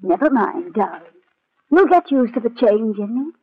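An actress playing a sly, coaxing young wife who is secretly possessed, in an old radio drama. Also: female voice, fairly high pitch, animated, normal speed, close to an everyday voice. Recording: tinny old radio broadcast with loud noise.

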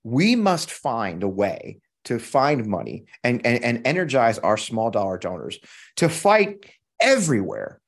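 Husky, fired-up American man ranting. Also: mid-range voice, sing-song, unhurried. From United States. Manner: heated, profane, emphatic, repeats himself. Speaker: podcast host. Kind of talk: impassioned political commentary.

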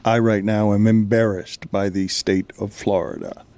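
Man, interview host, deep mellow voice, pointed questioner, dry close mic. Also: steady tone, moderate pace, creaky, dry recording. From Miami. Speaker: podcast host.

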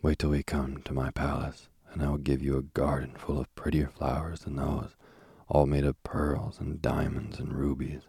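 A man's voice: a bass voice, little pitch movement, moderate pace, vocal fry, hardly any pauses, mellow, slightly rough, no room sound, clean studio sound, full character voice. A man reading the part of a boastful, coaxing male king of the underworld in a storybook.

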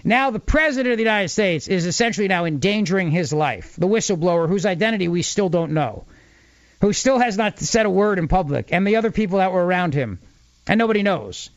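Animated New talk radio man. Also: sits high, a little fast, no echo, highs cut off. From New Jersey. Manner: argumentative, emphatic, mocks opponents. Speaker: fill-in radio host. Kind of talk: talk radio political monologue.

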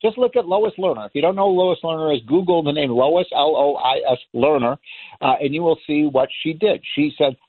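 A man's voice: fairly high pitch, fairly quick, no echo. A man delivering an impassioned political monologue as a radio talk host, emphatic and sarcastic, hammering his points through repetition. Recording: tinny phone-line sound, dry.

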